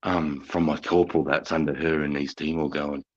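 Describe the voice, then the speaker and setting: A man's voice: very deep voice, level tone, moderate pace, lo-fi sound. An Australian man hosting a live stream, telling army stories in a crude, profane, laughing way. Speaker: livestream host. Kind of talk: casual storytelling chat.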